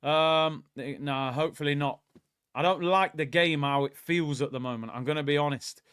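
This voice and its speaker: A young man hosting a live football watchalong, chatting about the match and reading out viewers' comments, often yelling at the players. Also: fairly high pitch, normal speed, smooth, dry recording, clean studio sound. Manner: excitable, shouts at the players during attacks. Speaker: watchalong host.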